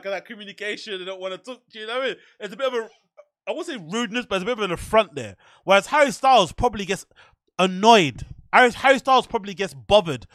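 A man hosting a podcast, telling rambling, profane, animated anecdotes in casual chat. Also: high voice, no echo, studio quality. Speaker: podcast host.

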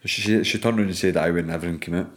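A man's voice: low-pitched, fairly even intonation, fast. A Scottish man, an MMA fighter guesting on a podcast, chatting casually, swearing freely and laughing through his stories.

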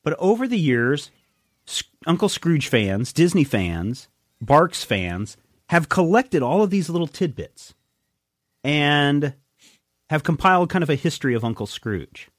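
A man's voice: on the high side, very animated, a little slow, no room sound, clean studio sound. A man hosting a podcast, talking enthusiastically about comics in a casual, rambling way. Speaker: podcast host.

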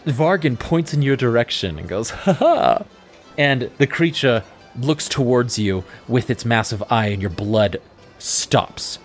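Male game master and podcast host, mid-range voice, casual rambling narration, faint music underneath. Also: medium pitch. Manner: casual, rambling, with many fillers and restarts.

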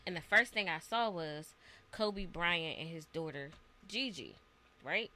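A woman with a bright, forceful voice tells a personal story in a relaxed podcast chat. She talks earnestly and acts out back-and-forth dialogue as she goes. Her pitch sits a little low. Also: unhurried, slight background noise. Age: adult parent.

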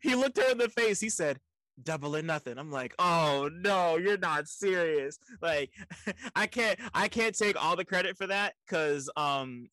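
A young man in casual chat, animated and profane, stammering repeats and laughing often. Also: a little high, no echo, rough recording.

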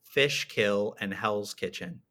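Male quiz host, steady matter-of-fact delivery, casual podcast. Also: lowish voice, takes it slowly. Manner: plain, steady, reads out lists.

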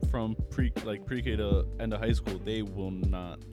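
A man's voice: fairly low pitch, steady tone, measured pace, over music. A man in his twenties co-hosting a casual podcast, laid-back and blunt, chiming in with short agreeing replies. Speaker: podcast co-host. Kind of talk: casual chat.

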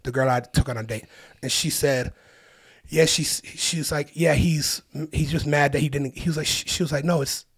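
A man in casual podcast chat as a guest comedian, telling stories in an animated way and laughing often. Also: fairly high pitch, moderate pace, slightly rough.

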